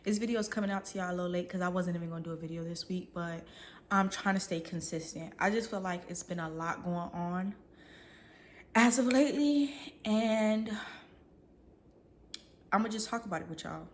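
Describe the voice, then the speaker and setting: A woman's voice: fairly low pitch, normal speed, long pauses, slight background noise. A young woman, vlogging in a casual, chatty rant, talking through bites of food. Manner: casual, chatty, talks while eating.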